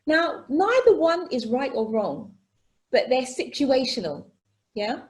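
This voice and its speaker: A woman presenting an online workshop over a video call, chatty and animated, often checking in with "okay?" and "right?". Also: sits high, slow pace. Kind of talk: live online workshop teaching.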